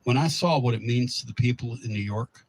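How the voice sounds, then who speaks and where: Blunt, folksy sports radio host. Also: male voice, mid-range voice, brisk, poor audio.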